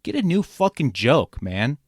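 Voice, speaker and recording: A man hosting a reaction commentary show, ranting sarcastically and swearing, jumping from loud outbursts to low mutters. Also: sing-song, measured pace, husky, no echo, clean studio sound. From immigrant. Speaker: commentary podcast host.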